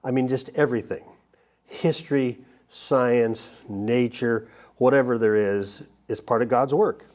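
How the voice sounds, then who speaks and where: A man teaches a Bible study lesson in a medium-pitched, slightly mellow voice. He talks it through loosely and haltingly, with frequent restarts and fillers.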